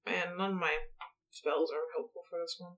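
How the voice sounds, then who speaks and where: A woman's voice: fairly low pitch, steady tone, normal speed, fairly bright tone. Teasing woman player, echoey room. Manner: teasing, laughs often. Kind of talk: casual tabletop play.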